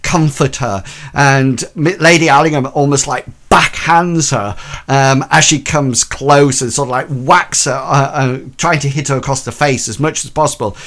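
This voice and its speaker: A man running a tabletop role-playing game, describing scenes in an unhurried, halting way full of ums and false starts. His voice sits at an ordinary middle pitch for a man. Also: a bit bright. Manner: hesitant, full of ums and restarts. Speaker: game master.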